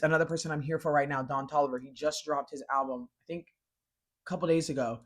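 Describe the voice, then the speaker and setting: A woman hosts a casual pop culture talk. Her delivery is animated and full of slang. She gushes freely over the things she loves. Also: low voice, normal speed. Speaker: pop culture podcast host. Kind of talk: casual chat.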